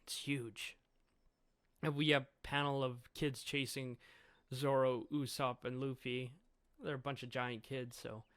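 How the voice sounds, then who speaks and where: A man's voice: medium pitch, flat delivery, unhurried, a bit bright, no echo, clean studio sound. A man casually reading through and reviewing a comic chapter, chuckling often as he trails off and restarts.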